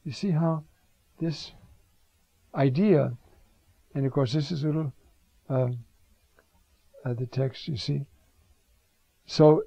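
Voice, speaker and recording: An older priest preaches in a slow, unhurried way, his voice gravelly and husky. He talks conversationally, keeps asking "you see?" and drops in Hebrew words. The recording is dull and lo-fi. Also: fairly high pitch, dark tone, no echo. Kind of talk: homily on scripture.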